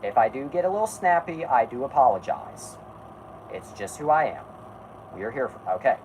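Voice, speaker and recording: A man hosting a relaxed live stream at a middle pitch, his voice rising and falling widely. He talks in a halting, rambling way and keeps restarting his sentences as he chats with the audience and his co-hosts. A faint hum of noise sits behind him. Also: rough recording. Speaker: podcast host. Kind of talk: casual live-stream chat.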